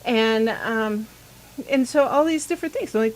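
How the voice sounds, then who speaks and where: A woman hosting a pagan talk show, telling a rambling, animated story in casual chat and acting out the dialogue she quotes. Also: a little high, moderate pace, rough recording.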